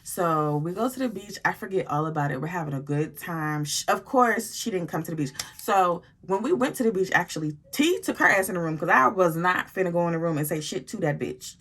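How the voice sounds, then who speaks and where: A young adult woman telling a story in a casual vlog, animated and profane, acting out the dialogue as she goes. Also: on the low side, a little fast, hardly any pauses. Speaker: storytime vlogger.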